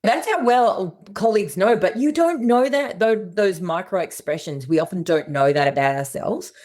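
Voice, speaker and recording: A woman's voice: medium pitch, lively intonation, normal speed, a little mellow. A middle-aged woman speaking earnestly as a guest on a podcast interview, acting out little scenes in quotes. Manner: earnest, plainspoken, acts out dialogue in quotes. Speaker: guest psychologist.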